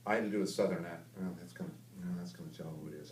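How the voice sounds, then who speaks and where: A man from the American South, chatty and laughing as he tells anecdotes in a lowish voice. The sound is roomy and from a distant mic with faint ambience. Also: steady tone, brisk, a little mellow. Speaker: voice actor. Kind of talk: casual interview.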